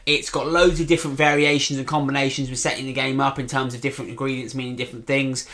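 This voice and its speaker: Brief: male co-host, mid pitch, quick and rambling, casual chat. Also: flat delivery, fairly bright tone. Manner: quick, rambling, self-correcting. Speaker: board game podcast co-host.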